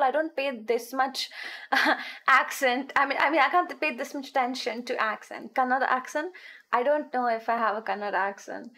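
A woman's voice: high voice, normal speed, pushed and bright. A young woman from India with an Indian English accent that drifts toward American, chatting casually and giggly on a stream. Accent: Indian English, shifting toward American. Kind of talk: casual chat.

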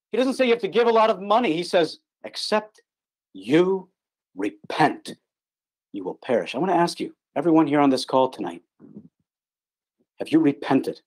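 A man preaching an online gospel sermon in an earnest, emphatic way, repeating his key words for stress. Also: on the high side. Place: online call.

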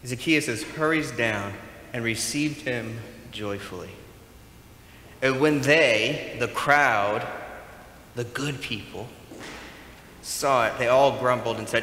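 A man preaching a sermon as pastor, animated and playful, acting out bits of dialogue. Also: mid-range voice, takes it slowly, pauses often, a little hiss or hum. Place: church sanctuary. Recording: echoey hall with faint room ambience.

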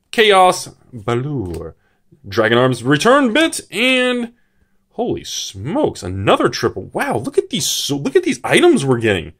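A man hosting a card-collecting channel, talking excitedly to his viewers as he opens a booster box and reacts to each card. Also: on the high side. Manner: excitable, full of exclamations; chatty, addresses viewers directly. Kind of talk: booster box opening commentary.

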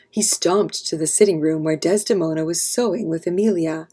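A woman reading a storybook aloud for children, narrating calmly and clearly. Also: sits low, normal speed, hardly any pauses.

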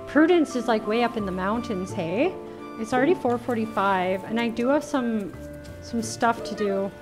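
A woman's voice: a little high, normal speed. A woman casually commenting on a cozy game, chatty and giggly. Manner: giggly, chatty, animated reactions. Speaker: gaming streamer. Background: game music.

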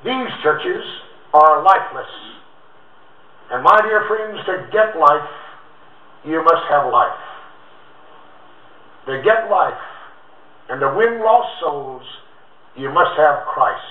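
A man's voice: on the high side, animated, takes it slowly, pauses often. A man preaching a fiery revival sermon as an evangelist, with rhythmic, alliterative phrasing that swells and drops. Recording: tinny, echoey, distant old recording.

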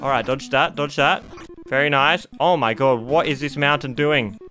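A man giving excitable, jokey running commentary while he plays a video game, and often talking to himself. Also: mid-range voice, moderate pace, soft background music. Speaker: gaming YouTuber. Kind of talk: let's-play commentary.

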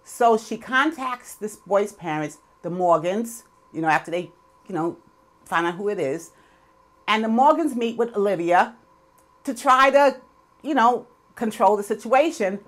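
A woman's voice: mid-range voice, animated, measured pace. A woman giving a casual, chatty recap of a TV episode, opinionated and full of fillers. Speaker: TV episode reviewer.

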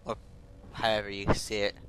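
A man's voice: fairly low pitch, completely flat delivery, normal speed, fairly bright tone, a little hiss or hum, rough recording. A man casually rambling through game commentary, offhand and prone to swearing. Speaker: gaming let's play host. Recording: voice over game music.

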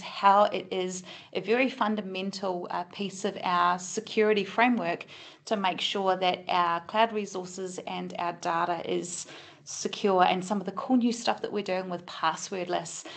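A middle-aged woman from New Zealand with a slight Kiwi accent, co-hosting an online community call in a chatty way, thinking aloud with small restarts. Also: lowish voice. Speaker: co-host of a community video call. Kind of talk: casual online meeting chat. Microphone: video call.

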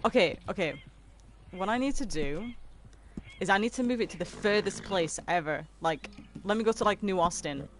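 A woman's voice: mid-range voice, expressive, moderate pace, slight background noise. A woman, chatting casually with viewers on a game stream and laughing easily. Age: 20s. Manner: chatty and giggly, reading out and answering chat.

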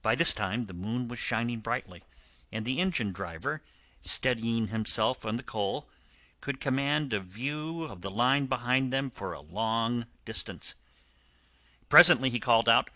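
A man narrating a classic children's story in a measured storytelling manner for an audiobook. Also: fairly low pitch, animated, pushed and bright, dry recording. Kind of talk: scripted narration.

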